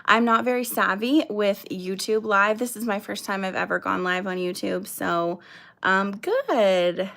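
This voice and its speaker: A woman in her thirties talks slowly through a casual livestream. She sounds nervous and apologetic, and her speech is full of fillers and restarts as she greets viewers by name. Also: medium pitch, creaky, a bit bright. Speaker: livestream host.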